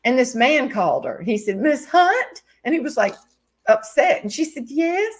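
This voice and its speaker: A woman's voice: on the high side, a little fast, breathy edge. A woman hosting a casual video-call chat, telling a funny story and acting out the voices of the people in it. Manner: animated, acts out other people's voices in her stories. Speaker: host.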